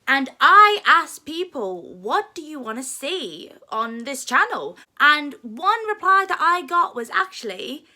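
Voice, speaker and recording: Bright, lively young woman vlogger. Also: sits high. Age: young adult. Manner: chatty, playful and self-mocking. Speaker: drama student vlogger. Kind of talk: casual chat to camera.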